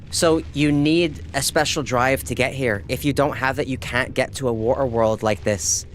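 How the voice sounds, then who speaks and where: A young Irish man from Ireland chats casually and upbeat with viewers while playing a game on a live stream, reading out the chat and answering them. His voice is mid-range and a bit bright, at a normal pace with hardly any pauses, over a little hiss or hum.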